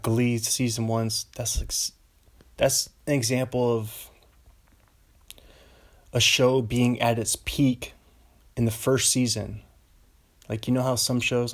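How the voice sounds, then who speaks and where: A young man from Western Washington chatting alone in a meandering way, breaking off into tangents and giggly asides. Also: mid-range voice. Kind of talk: rambling solo casual chat.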